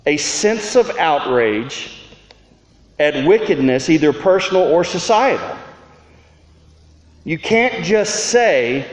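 Pastor preaching in an echoey hall. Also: male voice, a little high. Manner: earnest, questioning, builds to rhetorical peaks. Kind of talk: sermon. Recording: roomy hall reverb, dull sound.

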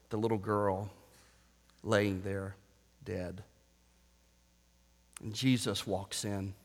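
A male pastor preaching a sermon, swinging between hushed, quiet stretches and loud shouting, with joking asides. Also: mid-range voice. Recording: long hall reverb.

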